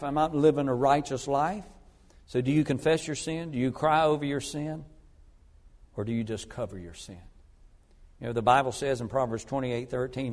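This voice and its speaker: Earnest preacher man in a reverberant hall. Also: medium pitch. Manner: earnest storytelling preacher, swings between loud emphasis and quiet. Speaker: evangelist preacher. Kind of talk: sermon. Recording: long reverb of a large hall.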